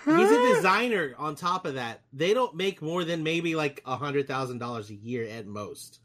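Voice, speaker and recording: A man's voice: on the high side, sing-song, normal speed, fairly bright tone. A man co-hosting a casual tech podcast, teasing and laughing often. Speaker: podcast co-host. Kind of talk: casual chat.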